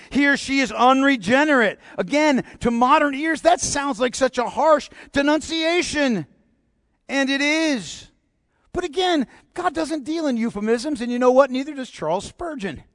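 Man, high voice, emphatic sermon, rhetorical questions, dry close recording. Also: normal speed, fairly bright tone, dry recording. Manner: bold, emphatic preaching with repeated rhetorical questions. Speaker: preacher.

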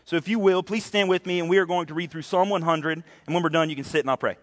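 A man's voice: fairly high pitch, fairly even intonation, fast talker. A young man giving his first sermon to his home church, earnest and a little nervous, often asking the congregation "right?". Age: young adult. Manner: earnest, nervous first-time preacher with frequent "right?" tags. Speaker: preacher. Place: church sanctuary. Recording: church with long reverb.

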